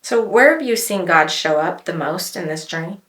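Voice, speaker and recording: A woman's voice: on the low side, animated, normal speed, fairly bright tone. A woman hosting a faith podcast, speaking with emphatic conviction. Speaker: podcast host. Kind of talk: casual faith talk. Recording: roomy echo.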